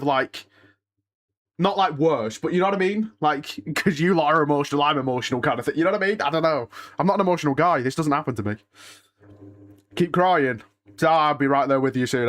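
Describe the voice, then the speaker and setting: A man's voice: fairly high pitch, fast, a bit bright. A young man hosting a live watch-along, chatting casually to his viewers, restless and emotional, often sighing and muttering to himself. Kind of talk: casual live-stream chat, reading and answering chat.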